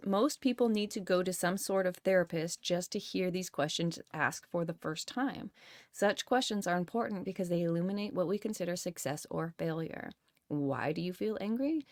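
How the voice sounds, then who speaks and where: A woman's voice: lowish voice, no echo, studio quality. A woman reading a self-help book aloud and stopping often to comment and swear casually. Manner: reads, rereads and comments with swearing.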